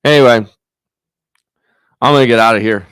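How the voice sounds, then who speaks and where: A man's voice: mid-range voice, moderate pace, fairly bright tone, smooth, no echo, studio quality. A man hosting his own channel, thinking aloud in a rambling, profane, casual chat. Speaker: YouTube channel host.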